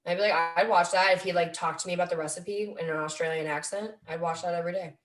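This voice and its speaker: A woman's voice: lowish voice, fairly even intonation, fast, far from the mic, faint music behind. A woman guest chatting casually on a podcast, rambling with lots of fillers. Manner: rambling, filler-heavy, laughs often. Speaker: guest athlete. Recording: roomy, away from the mic.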